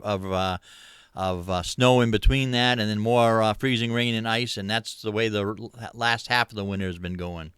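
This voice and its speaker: Middle-aged maine guy chatting on a stream, bright clear voice, dry close sound, lots of uh's. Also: lowish voice, dry recording. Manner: easygoing, rambling, many uh fillers, chuckles. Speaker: livestream host. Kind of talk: casual chat reading viewer comments.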